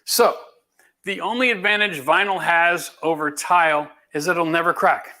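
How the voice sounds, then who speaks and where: A man's voice: a little high, steady tone, moderate pace, bright, forceful tone. A middle-aged man from Canada, a home renovation host answering viewer questions in a blunt, emphatic, folksy way. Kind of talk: live Q&A chat.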